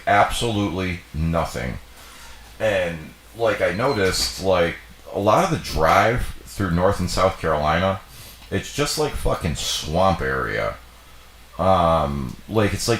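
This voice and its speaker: A man's voice: deep voice, very animated, a little slow, fairly bright tone, a little hiss or hum. A young man co-hosting a livestream, chatting casually in a rambling way full of fillers and swearing. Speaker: livestream co-host. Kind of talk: casual chat. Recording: echoey room.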